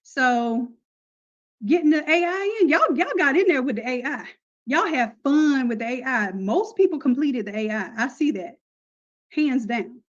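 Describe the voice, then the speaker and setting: A woman's voice: high-pitched, animated, unhurried, highs cut off. A woman running a casual, upbeat live online class, talking to her students in a chatty, slangy way. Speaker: online course instructor.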